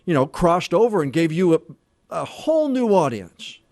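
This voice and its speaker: A man's voice: fairly high pitch, sing-song, normal speed, darkish tone, no room sound, studio quality. A man interviewing a guest for a newspaper, asking long, chatty questions. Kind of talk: casual interview.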